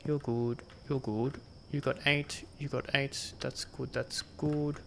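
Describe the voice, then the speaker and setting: A man's voice: medium pitch, steady tone, slow pace, gravelly, a bit bright, a little hiss or hum. A man giving gameplay commentary, thinking aloud and muttering counts to himself as he plays. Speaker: gaming channel host.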